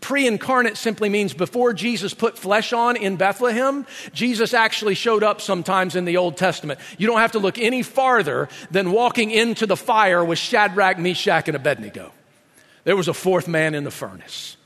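A man's voice: sits high, animated, normal speed, fairly bright tone, in a large hall. A male pastor preaching a sermon in a conversational, explanatory way, often checking in with 'right?'.

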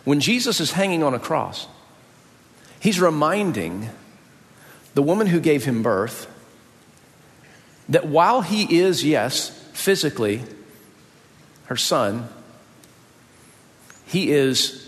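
A man from the US South preaching a sermon as pastor, folksy and lively, joking about his own mother. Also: medium pitch, slow pace, long pauses. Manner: animated, folksy, jokes about his mom with playful impressions. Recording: long hall reverb.

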